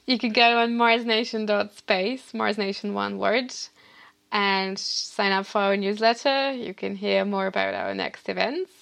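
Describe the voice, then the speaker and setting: Gravelly-voiced Russian-born woman guest. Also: mid-range voice, big pitch swings, unhurried, fairly bright tone. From Moscow, Russia. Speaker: guest, space event organiser. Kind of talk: interview answers.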